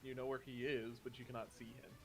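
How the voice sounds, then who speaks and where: Man calmly running a tabletop game. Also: mid-range voice, fast talker, faint music behind, low-quality recording. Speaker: game master.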